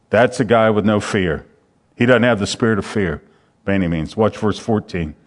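A man preaching a sermon, reading scripture aloud and explaining it verse by verse with earnest, repeated emphasis. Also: fairly low pitch. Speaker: pastor.

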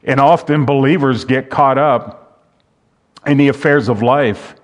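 A man's voice: medium pitch, a little slow. Man preaching a sermon. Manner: reads King James scripture, then repeats questions rhetorically.

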